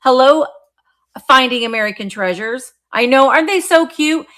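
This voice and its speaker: A middle-aged woman hosting a live online auction of vintage items, chatting warmly and greeting viewers by name as she describes each piece. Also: high voice, expressive, moderate pace. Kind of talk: live-stream sales chat.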